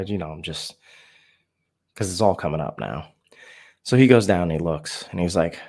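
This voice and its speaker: A man candidly telling a painful personal story, raw and profane, halting and restarting his sentences. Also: low voice, darkish tone. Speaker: storyteller sharing recovery story.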